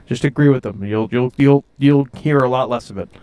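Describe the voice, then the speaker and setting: A man from Delaware County, Pennsylvania, co-hosting a podcast in casual chat with a deadpan joking manner. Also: mid-range voice, fairly quick, clear, resonant tone. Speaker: podcast co-host.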